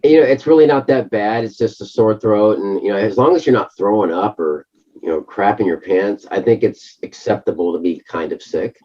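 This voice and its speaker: A hoarse middle-aged man co-hosting a casual chat, halting often with fillers. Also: lowish voice, mellow. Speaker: co-host. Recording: muffled lo-fi audio.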